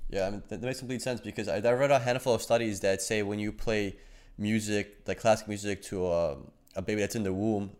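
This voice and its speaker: A man's voice: lowish voice, steady tone, fairly quick, a little mellow, clear, resonant tone. A man hosting a podcast interview, asking long, winding questions padded with fillers. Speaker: host.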